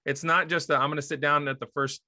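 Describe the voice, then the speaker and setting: A man in a casual chat who speaks in a measured, reflective and affirming way. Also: a little high, little pitch movement, pushed and bright, no room sound, studio quality. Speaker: youth ministry podcast co-host.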